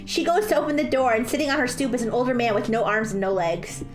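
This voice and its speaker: A woman's voice: on the high side, expressive, fast talker. A woman streamer reading jokes aloud in a giggly way that keeps breaking into laughter. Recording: roomy echo, faint music behind.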